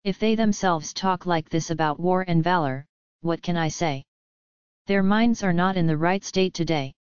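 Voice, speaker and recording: A woman's voice: on the low side, moderate pace, clear, resonant tone, dry recording, dull audio, close to an everyday voice. A woman reading the part of a loyal older male king in an audiobook, earnest and pleading.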